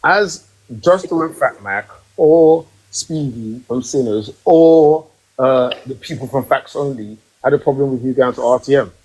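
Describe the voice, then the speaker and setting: A man hosting a podcast live stream from home, ranting emphatically in casual chat and rising in pitch when worked up. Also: unhurried, darkish tone, rough recording. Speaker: podcast host. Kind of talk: heated casual rant.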